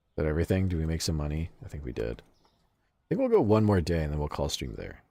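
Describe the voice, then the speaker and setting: A man's voice: rumbling low, wildly swooping pitch, fast, gravelly, mellow, dry recording. A man streaming a game and casually chatting with his viewers, swearing freely and laughing often. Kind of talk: casual game livestream chat, reading chat aloud.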